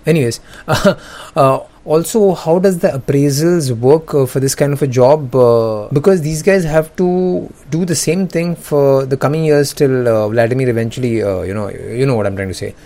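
A man's voice: medium pitch, normal speed, warm tone. A young man, hosting comedic news commentary in a sarcastic, joking way and laughing often. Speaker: host.

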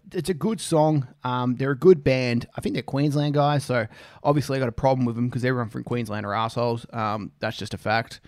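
A man's voice: medium pitch, no room sound, clean studio sound. An Australian man hosting a casual music reaction, rambling, swearing freely and joking at his own expense. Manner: rambling, swears freely, self-deprecating jokes.

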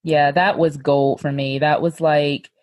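Candid woman podcast host, lower voice. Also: flat delivery, a little slow, darkish tone, no echo. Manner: earnest, lots of "like" and "you know". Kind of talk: candid personal storytelling.

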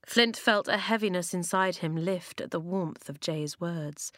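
A woman narrating a children's novel in an even, expressive storytelling manner. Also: lowish voice, unhurried, no room sound, clean studio sound. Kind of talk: audiobook reading of a children's novel.

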